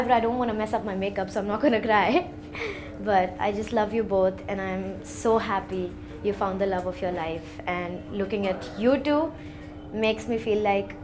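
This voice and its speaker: A woman's voice: mid-range voice, noisy background. A woman, the bride's sister, giving a gushing, emotional wedding toast.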